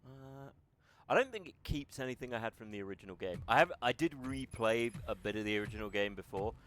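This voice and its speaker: A man's voice: medium pitch, animated, fast, a bit bright. A man streaming a video game with casual, wry, self-deprecating commentary and the odd swear word. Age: older.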